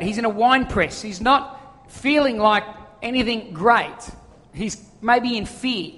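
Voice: mid-range voice, sharp tone. A preacher, giving a conversational sermon full of jokes and asides. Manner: conversational, joking storyteller. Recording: long reverb of a large hall.

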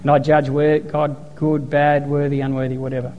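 A man's voice: a little high, level tone, normal speed, big-room sound, narrow, tinny audio. A man preaching a sermon as a pastor, telling stories, acting out quotes and hammering points home through repetition. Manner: storytelling, emphatic repetition, acts out quotes.

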